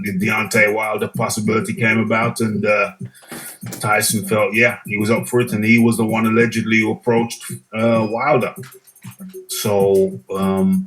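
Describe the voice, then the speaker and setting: A man hosts a live boxing talk show, his voice sitting low and fairly level. He muses casually and reads viewer comments aloud in a relaxed way. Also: rough recording. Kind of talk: casual live-stream chat.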